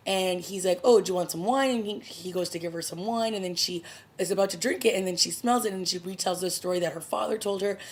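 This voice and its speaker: A woman casually recapping and reviewing a TV episode, chatty and opinionated, with bits of laughter. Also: lowish voice. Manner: chatty, opinionated, laughs while retelling scenes. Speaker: TV review vlogger.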